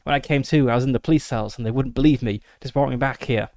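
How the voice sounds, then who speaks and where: A man's voice: medium pitch, fast, a little mellow, dry recording, clean studio sound, natural voice. A man doing a frantic American agent begging. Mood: desperate pleading. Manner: frantic, pleading. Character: desperate handcuffed male FBI agent inmate.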